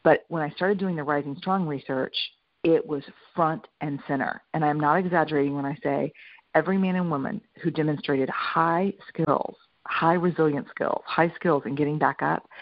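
Lively middle-aged woman telling a story. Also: low voice, normal speed, no echo, lo-fi sound. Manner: lively storyteller, stresses points by repeating them. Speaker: speaker and researcher. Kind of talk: storytelling keynote talk.

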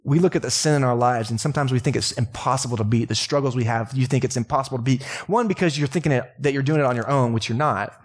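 A young adult man with a Texan accent, preaching a sermon as pastor in a relaxed, joking, conversational way. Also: medium pitch, quick pace, hardly any pauses, slightly rough. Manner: casual, joking, conversational preaching with laughs and asides. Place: church sanctuary.

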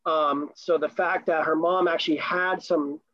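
A man's voice: fairly high pitch, fairly even intonation, normal speed, a bit bright, no echo. A man in his thirties from Florida telling a long, enthusiastic, rambling story in casual chat. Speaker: sailor and new father telling a story. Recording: dull lo-fi recording.

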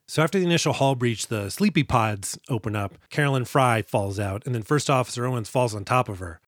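A man's voice: medium pitch, brisk, dry recording. A man co-hosting a film podcast in a loose, rambling way, trailing off and restarting his thoughts. He sits close to the mic in a dry, dead room. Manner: rambling, self-interrupting, quotes characters in mock voices. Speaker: podcast co-host. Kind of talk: casual movie discussion.

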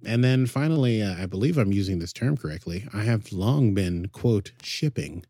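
A man's voice: fairly low pitch, animated, moderate pace, warm tone, slightly rough, no echo. A man co-hosting a podcast, rambling playfully with jokey asides. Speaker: podcast co-host. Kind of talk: casual chat.

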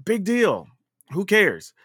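A man with a Southern US accent talks through a casual podcast chat, his pitch swinging widely as he tells a story. He sounds chatty and often laughs mid-thought. The recording is dry and close, with no room echo. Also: huge pitch swings, takes it slowly, a bit bright, breathy edge. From American South. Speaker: podcast co-host.

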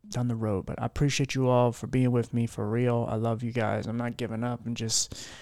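Gravelly, worn-down male podcast host. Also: mid-range voice, flat delivery, fairly quick, darkish tone, no echo. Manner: rambling, candid, with frequent fillers and restarts. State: low-spirited and worn down. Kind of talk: candid solo podcast chat.

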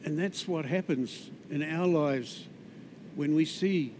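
A man with a New Zealand accent preaching a sermon in a conversational way, with asides and restarts, often dropping soft on key words. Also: fairly high pitch, slow, slight background noise.

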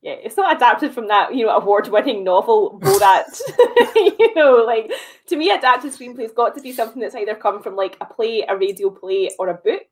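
A woman's voice: on the high side, lively intonation, moderate pace, few pauses. A woman co-hosting a casual film discussion as a reviewer, direct and opinionated. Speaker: film podcast co-host and reviewer.

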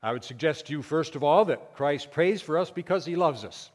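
A man's voice: fairly high pitch, lively intonation, a little fast, in a large hall. A man preaching a Sunday sermon as pastor, earnest and emphatic, in a church. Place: church sanctuary.

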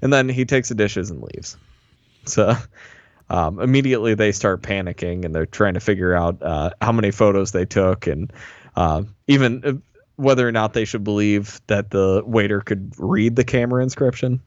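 A man recapping an episode in casual chat, relaxed and laughing often, mildly critical. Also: fairly low pitch, normal speed, no echo, muffled recording. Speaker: podcast co-host recapping an episode.

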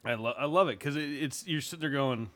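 A man's voice: mid-range voice, fast, fairly bright tone. A man co-hosting a podcast, easygoing and laughing often as he tells stories in casual chat. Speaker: podcast co-host.

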